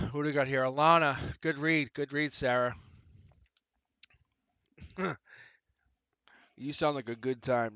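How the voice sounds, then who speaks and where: A man doing a live-streamed tarot reading, animated and profane, laughing often and acting out little quoted voices. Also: medium pitch, no room sound. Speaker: tarot reader.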